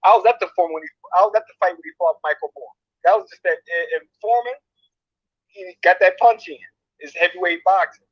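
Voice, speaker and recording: A man's voice: high-pitched, fast talker, no echo. A man in his fifties giving an emotional, boastful interview as a guest over a call. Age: 50s. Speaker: guest, returning boxer. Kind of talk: casual interview talk. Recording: dull lo-fi call audio.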